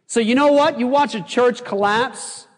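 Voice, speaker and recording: High-voiced, animated male preacher in a hall. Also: measured pace. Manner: animated, jokey, swings from shouting to low intense emphasis. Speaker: pastor. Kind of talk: sermon. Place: church sanctuary.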